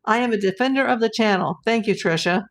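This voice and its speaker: A woman's voice: on the high side, quick pace. A woman hosting a casual livestream, chatting with viewers, reading their comments aloud and greeting them by name. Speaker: livestream host.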